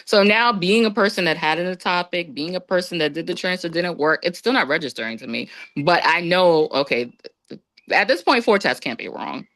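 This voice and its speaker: A woman guest on a podcast, telling a personal story in a casual, lively way and acting out what others said. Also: moderate pace, no echo. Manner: lively, acts out quoted voices with big pitch jumps.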